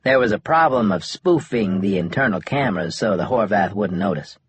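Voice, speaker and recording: A man voicing a wry, easygoing young man in an audiobook, in a husky, laid-back joking manner. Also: lowish voice, animated, moderate pace, no room sound. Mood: relaxed, wry. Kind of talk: audiobook dialogue.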